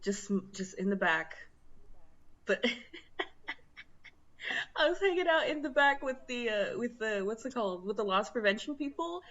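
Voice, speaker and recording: A young woman co-hosting a podcast, casually telling retail stories with lively acted-out quotes and frequent laughter. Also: a little high, unhurried, long pauses, highs cut off. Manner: animated storytelling, acts out quoted voices, laughs often. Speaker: podcast co-host.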